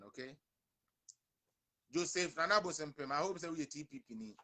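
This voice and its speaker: Ghanaian male host, young adult, bright forceful voice, slightly high, emphatic and repetitive livestream rant. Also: animated, normal speed, long pauses. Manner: emphatic, repetitive, addresses viewers directly. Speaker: online show host. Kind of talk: livestream rant mixing English and Twi.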